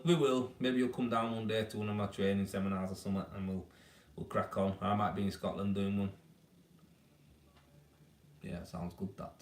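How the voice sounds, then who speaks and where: Chatty Leeds man, low voice, echoey room. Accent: Leeds Yorkshire. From Leeds, England. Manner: chatty, blunt, down-to-earth, full of "mate" and "man". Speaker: tradesman hosting a weekly live Q&A stream. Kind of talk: casual live-stream chat giving advice. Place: baby's room at home.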